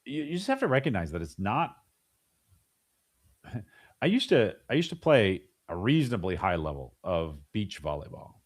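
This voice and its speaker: A man's voice: on the low side, sing-song, moderate pace, long pauses. A middle-aged man in a casual interview, talking animatedly with frequent restarts and acting out voices of parents and kids. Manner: frequent restarts and repeated words. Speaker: podcast guest.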